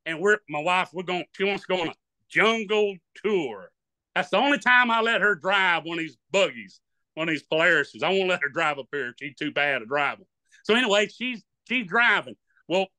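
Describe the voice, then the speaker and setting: An older hunting guide with a thick Louisiana drawl rambles through homespun stories in an interview. His voice sits high and sounds sharply bright. The recording is dry and close, with no room sound. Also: no echo. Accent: Southern US, Louisiana. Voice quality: hard of hearing. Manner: folksy rambling storyteller, acts out voices. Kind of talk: storytelling in an interview.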